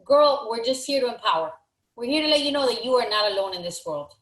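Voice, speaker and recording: A woman's voice: fairly high pitch, animated, fast talker, roomy sound, low-quality recording. A woman leading a motivational team call, emphatic and encouraging, often repeating her phrases. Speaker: team leader.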